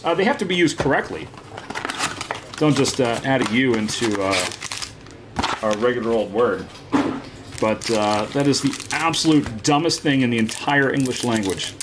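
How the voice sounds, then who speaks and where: Man, card-break host, teasing live chat, very lively pitch, faint noise behind. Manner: teasing, banter with viewers, frequent "uh" fillers. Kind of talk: casual live-stream chat.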